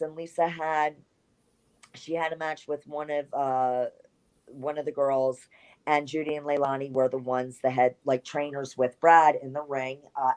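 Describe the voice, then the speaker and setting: Low-voiced woman telling blunt stories. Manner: animated, blunt, with salty language and asides. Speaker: former pro wrestler, interview guest. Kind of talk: candid storytelling interview.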